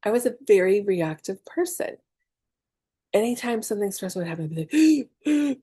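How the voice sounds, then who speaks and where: This middle-aged spiritual teacher chats through an online class, confessing things, cursing openly and dramatizing her panics. She has a mid-range, slightly rough voice with a dark tone and lively intonation, speaks at normal speed, and there's no room sound.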